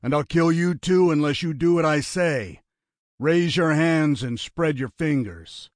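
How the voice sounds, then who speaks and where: A cool, businesslike male gunman gives orders that leave no room for argument, as a male narrator voices him. He speaks up a little above the narration, firm and unhurried. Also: on the high side, no room sound, clean studio sound. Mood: commanding. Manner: firm, flat commands. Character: cool, commanding male gunman, matter-of-fact.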